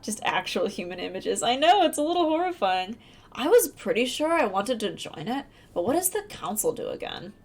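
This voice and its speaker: A woman's voice: on the high side, very animated, normal speed, soft background music. A woman streaming a video game, chatting casually and reading the game text aloud. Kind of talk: casual let's-play commentary.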